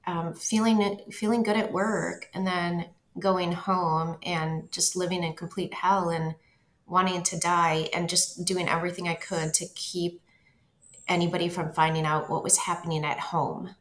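A woman recounting her own story as an interview guest, halting and repeating phrases as she goes. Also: lowish voice, little pitch movement. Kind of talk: personal testimony. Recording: roomy echo.

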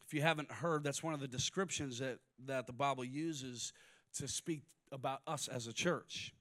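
A man preaching a sermon, moving between quiet personal stories and loud, rising exhortation. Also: medium pitch, normal speed. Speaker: pastor.

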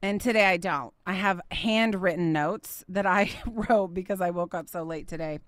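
A woman in her thirties hosting a faith podcast, telling family stories in a chatty, animated way. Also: fairly low pitch, moderate pace, dry recording. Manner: chatty, animated storytelling with laughs. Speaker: podcast host. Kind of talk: casual faith podcast monologue.

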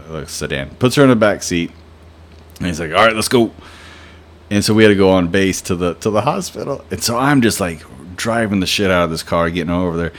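Lively, rambling podcast storyteller, a man. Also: sits low. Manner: rambling, profane, full of fillers. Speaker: podcast host. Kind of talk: casual storytelling.

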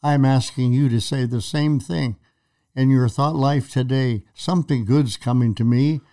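A man's voice: medium pitch, steady tone, unhurried, mellow, smooth. A man co-hosting a faith talk show, retelling Bible stories and acting out quoted lines with dramatic emphasis. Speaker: preacher co-host. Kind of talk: conversational Bible teaching.

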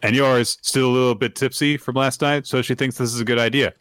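A man co-hosting a casual podcast chat, recapping comic chapters and acting out the characters' lines in quick put-on voices. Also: medium pitch, fairly even intonation, a bit bright, clean tone, no room sound. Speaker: podcast co-host recapping manga.

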